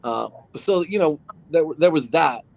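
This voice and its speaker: A man from Arizona, an actor guest on a podcast, telling behind-the-scenes stories in a relaxed, rambling way with lots of fillers. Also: fairly high pitch, a little slow, creaky. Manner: relaxed storytelling with many fillers. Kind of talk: casual podcast interview.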